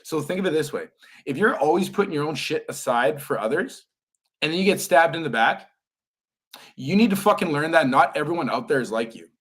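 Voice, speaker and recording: Young man, co-host type: slightly raised pitch, blunt, profane, motivational push. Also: expressive, a little fast, a bit bright, breathy edge. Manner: blunt, emphatic, swears constantly, motivational lecturing. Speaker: podcast co-host. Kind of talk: casual podcast chat.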